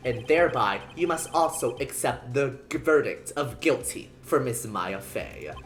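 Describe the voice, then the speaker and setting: A streamer doing a smug, slow-talking prosecutor. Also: medium pitch, animated, close to an everyday voice. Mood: stern. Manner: slow, measured and condescending. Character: cold, smug male prosecutor. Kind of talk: voicing game dialogue on a stream.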